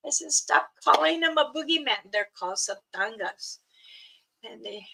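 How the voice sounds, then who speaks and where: Mom telling a story real slow, laughs a lot, does little kid voices, higher voice. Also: female voice, animated, creaky, sharp tone, rough recording. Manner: chatty, laughs often, acts out her children's voices. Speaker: mother telling a personal story. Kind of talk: casual spoken storytelling.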